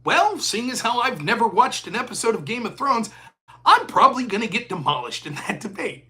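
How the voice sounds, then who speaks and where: A man's voice: extremely high pitch, very animated, a little fast, pushed and bright. A man of forty hosting a live stream, talking in a profane, heated rant. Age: 40s. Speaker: host.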